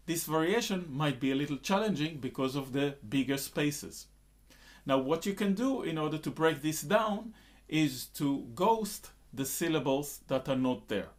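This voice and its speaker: A man teaching a rhythm lesson, explaining slowly and then counting in and reciting drum syllables loudly in time. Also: fairly high pitch, animated, a little hiss or hum.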